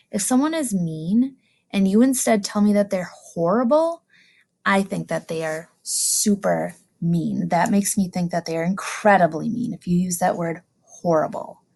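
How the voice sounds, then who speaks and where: A woman teacher giving a recorded lesson to young students, saying each new word slowly and clearly twice, with delighted exclamations. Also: mid-range voice, a little mellow. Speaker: elementary school teacher.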